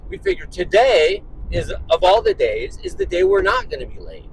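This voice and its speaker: A man's voice: high-pitched, huge pitch swings, normal speed, a little hiss or hum, low-quality recording. A man telling an exasperated, profane story about his morning, ranting in his car. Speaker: vlogger and dad.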